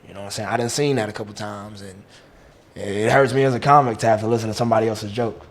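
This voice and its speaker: A man's voice: on the low side, fairly even intonation, fast talker. A man, a guest comic chatting in a laid-back way. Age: 20s. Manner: laid-back, keeps asking "you know what I'm saying". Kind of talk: casual chat.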